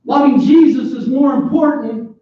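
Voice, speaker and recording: A man in his forties preaching a sermon, animated and joking, with sudden loud bursts. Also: very high-pitched, normal speed. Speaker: pastor. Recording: echoey, distant, dull church PA recording.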